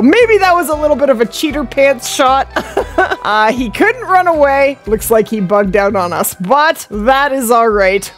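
A young woman hosting a gaming channel, chatting excitedly through her gameplay and dropping to a hush while she stalks prey. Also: fairly high pitch. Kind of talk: live gameplay commentary.

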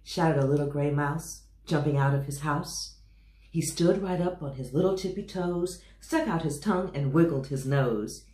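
A woman reading a children's picture book aloud in an expressive, sing-song storyteller's way. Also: low-pitched, moderate pace, reverberant.

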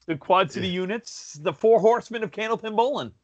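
A man's voice: high voice, fairly quick, highs cut off. A man hosting a podcast in casual chat, self-deprecating and rambling with restarts, talking over a video call. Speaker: podcast host.

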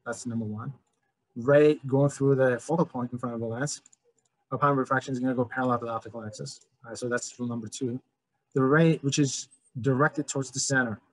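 A man giving a relaxed physics lesson, thinking aloud as he walks through diagrams. His voice is mid-pitched and sits close and dry on the mic, with no room sound. He keeps restarting with "all right" and "okay". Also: no echo, rough recording. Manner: loose, conversational, many "all right" restarts. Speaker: physics teacher. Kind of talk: casual lecture over slides.

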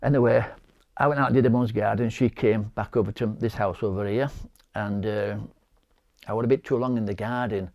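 A middle-aged man with a Yorkshire accent giving a halting personal testimony, often repeating words and acting out what people said. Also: lowish voice, fairly even intonation, highs cut off. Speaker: interviewee, bereaved husband.

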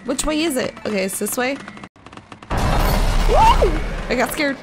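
A woman giving casual gameplay commentary, excitable, gasping and shrieking at scares and laughing often, and reading riddles aloud slowly. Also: high voice. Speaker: gaming video creator. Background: game music.

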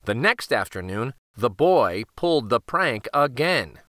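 A man reading a fable aloud for children, expressive and animated. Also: mid-range voice, unhurried, no room sound, studio quality. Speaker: children's storyteller. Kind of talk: read-aloud for kids.

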